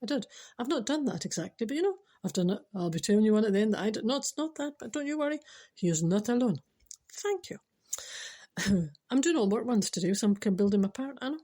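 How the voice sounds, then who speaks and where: A Scottish woman talks straight to her listeners in a loose, chatty monologue. Her voice is breathy and a little husky, sitting at an ordinary middle pitch. She wanders through little comic stories, circles back on her own words and laughs along as she goes. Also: darkish tone. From Scotland. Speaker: podcast host.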